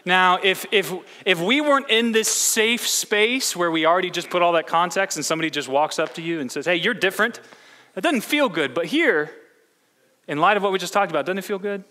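A man's voice: high voice, expressive, fairly quick, pushed and bright. A man preaching a sermon as pastor, telling a story with many restarts and repeated words. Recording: long hall reverb.

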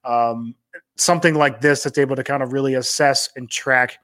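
A man co-hosting a sports technology podcast, talking in a relaxed, loose way full of fillers. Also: mid-range voice, moderate pace. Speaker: podcast co-host. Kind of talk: casual sports tech chat.

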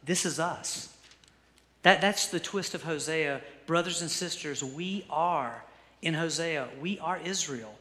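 A male pastor preaching a sermon, reading scripture slowly and softly, then speeding up for earnest asides. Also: on the high side, in a large hall.

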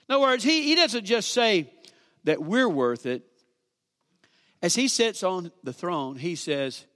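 A man preaching a sermon, calling for amens and dropping from loud to hushed. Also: high-pitched, very animated, normal speed. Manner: preaching with call-and-response, dramatic swings from loud to hushed. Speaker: pastor. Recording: long reverb of a church hall.

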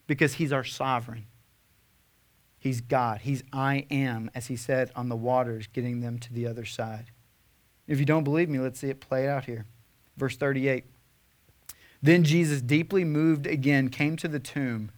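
A man's voice: on the high side, moderate pace. Earnest young male pastor preaching. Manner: earnest, rising to impassioned emphasis then hushed; conversational with fillers and restarts. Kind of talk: sermon.

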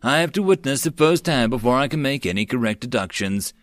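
A man voicing a grave, weary older male magister in an audiobook, speaking in a measured, slow way. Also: medium pitch, lively intonation, dry recording, lightly acted.

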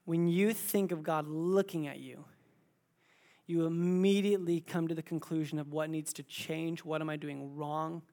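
A man in his thirties preaching a sermon as pastor, moving between quiet, intimate asides and loud, emphatic exclamations. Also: on the high side, steady tone, moderate pace. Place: church.

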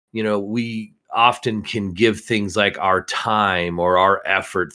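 A man's voice: lowish voice, fairly bright tone. A man co-hosting a conversational Bible study discussion, explaining earnestly and reading scripture aloud.

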